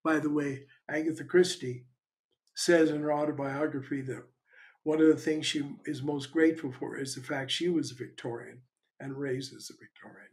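A man's voice: fairly high pitch, steady tone, moderate pace, a little mellow. An older man, a spiritual teacher, giving a frank, conversational talk that mixes plain teaching with storytelling.

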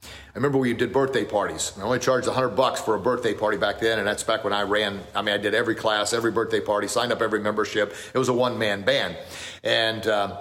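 A man's voice: on the low side, fairly even intonation, quick pace, a bit bright. Earnest middle-aged man telling a story. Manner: rambling and earnest, with restarts. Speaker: martial arts school owner and podcast host. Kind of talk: casual storytelling.

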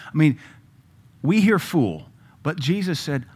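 A middle-aged man preaching a sermon, emphatic, with loud bursts when he quotes scripture. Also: fairly high pitch, very animated, takes it slowly, long pauses, husky.

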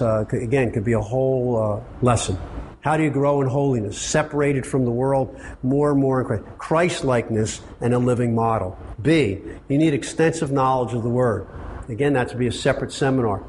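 A man's voice: medium pitch, slight background noise. Emphatic man teaching a church workshop. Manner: emphatic, rhetorical questions, acts out quotes.

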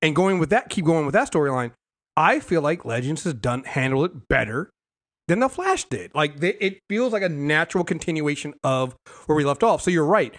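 A young man hosts a casual recap chat about a TV episode, his voice a bit higher than most men's. He rambles with plenty of ums and restarts and keeps his delivery lively and animated. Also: moderate pace. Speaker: podcast host.

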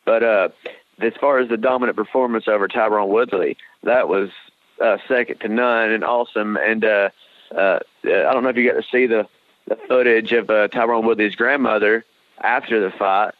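A man with a fairly low, steady voice co-hosts a fight podcast, speaking at a moderate pace in casual sports talk that rambles, restarts often and includes blunt swearing. The recording is dry and tinny, like a phone line, with no echo.

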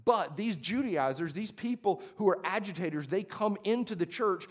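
A young adult man preaching a sermon as pastor, conversational and passionate, moving from hushed to emphatic. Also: high voice, expressive, moderate pace.

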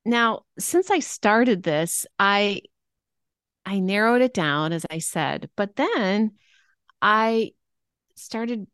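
Female podcast guest, mid-pitched and earnest, talks with a few ums, dry recording. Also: expressive, extremely slow, fairly bright tone, clear, resonant tone, dry recording. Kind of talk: casual interview conversation.

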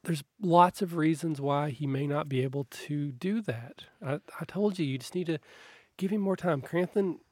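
A man voicing a kind, motherly woman of about fifty who gently coaxes a boy in a tabletop role-play. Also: a little high, moderate pace, no room sound, pitched above the performer's own voice, natural voice. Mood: gentle, coaxing. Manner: soft, coaxing, gently insistent.

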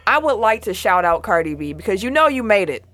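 Woman co-host, sassy scolding tone, lively pitch swings, dry close sound. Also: quick pace, dry recording, soft background music. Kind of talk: casual commentary chat.

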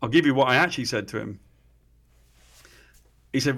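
British man, interview guest, animated storyteller, mid-range pitch. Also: fairly quick, creaky, pauses often. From Britain. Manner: animated storyteller, acts out quoted dialogue. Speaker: comic book writer guest. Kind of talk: casual interview anecdote.

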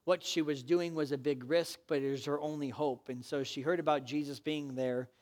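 High-voiced earnest preaching man. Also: fairly even intonation, normal speed, darkish tone. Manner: earnest, exhortative storytelling. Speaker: pastor. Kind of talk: sermon.

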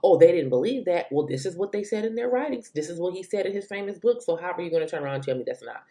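A woman hosting her own commentary show, talking straight to her audience in animated, exasperated rants that jump suddenly up in pitch. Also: very fast. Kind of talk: opinion commentary monologue.

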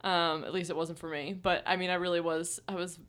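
Young woman chatting, lowish voice, lots of likes and laughs. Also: flat delivery, brisk, fairly bright tone, smooth. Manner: chatty, frequent "like" fillers, laughs often. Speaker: podcast co-host. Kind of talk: casual storytelling chat.

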